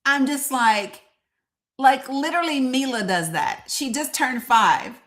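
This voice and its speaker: Sarcastic middle-aged lady streaming live, swears a lot, voice sits a bit high. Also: expressive, measured pace, fairly bright tone. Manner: blunt, profane and sarcastic, greeting chat viewers. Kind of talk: casual political commentary stream.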